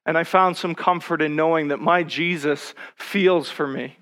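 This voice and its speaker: A man preaching a sermon, reading scripture slowly and then pressing personal questions with rising intensity. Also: fairly high pitch, steady tone, a bit bright.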